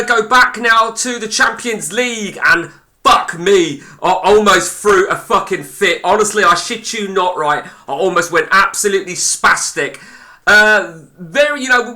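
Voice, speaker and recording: A man's voice: high-pitched, a little slow, sharp tone. A man streaming live, giving blunt, sweary, rambling commentary on a football management game.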